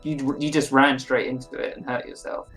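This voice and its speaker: A game master narrating a tabletop game in a slow, laid-back way, swearing now and then. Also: medium pitch, little pitch movement, a bit bright, faint music behind.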